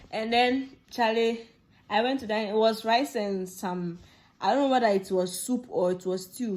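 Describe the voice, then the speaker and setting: A young woman from Ghana tells a personal story in a relaxed, chatty way, with a Ghanaian English accent. Her voice sits in a middle range. She acts out the lines of the people in her story and laughs as she talks. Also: mid-range voice. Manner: animated, laughing, acts out dialogue. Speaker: vlogger. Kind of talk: casual storytelling.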